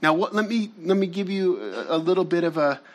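A man's voice: sits high, big pitch swings, fairly quick, lo-fi sound. A man preaching as a pastor, telling a casual story with slangy asides to his congregation before turning to his teaching. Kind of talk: sermon.

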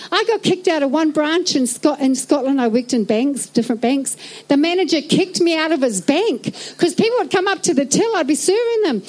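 A middle-aged woman with a New Zealand accent preaching a sermon in a lively, joking way, acting out little scenes. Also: high voice, moderate pace, low-quality recording. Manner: animated, jokey, acts out little scenes.

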